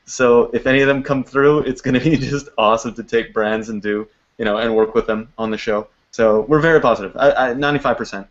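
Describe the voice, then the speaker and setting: A man's voice: mid-range voice, brisk, hardly any pauses. A man who makes a web series, talking in a video call interview in an upbeat, chatty way with lots of fillers. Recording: dull lo-fi call audio.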